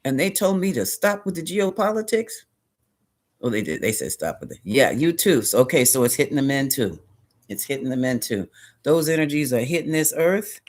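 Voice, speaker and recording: A man's voice: mid-range voice, big pitch swings, normal speed. A man hosting a spiritual live stream, chatting casually and rambling, often correcting himself and greeting viewers by name.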